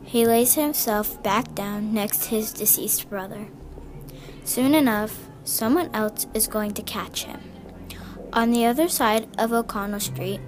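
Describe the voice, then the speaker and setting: A young woman reading a war story aloud, giving the dialogue slight voice changes. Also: medium pitch. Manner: reads dialogue with small voice changes. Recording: music clearly heard behind.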